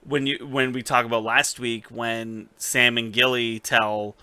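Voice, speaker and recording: A man co-hosting a podcast recap with a very bright, forward tone. The sound is close and dry. He tells the story with animated energy, swearing and slipping into the characters' lines, and his tone stays casual throughout. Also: medium pitch, a little slow, clean tone, dry recording. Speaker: podcast co-host.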